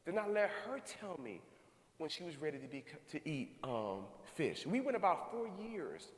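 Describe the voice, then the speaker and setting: A man in his thirties tells a personal story to a crowd, acting out his own reactions with lively energy. His fairly high voice rings through a big hall with a long, echoing tail. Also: normal speed. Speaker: speaker. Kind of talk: motivational talk to a live audience. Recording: echoey hall, long reverb.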